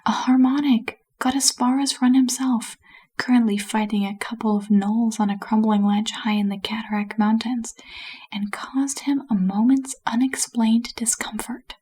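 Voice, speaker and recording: A woman whispers a bedtime story in a soft, unhurried hush, as a calm whispered role-play. Her voice sits a little high and stays breathy and airy throughout. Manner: soft, unhurried, hushed reading.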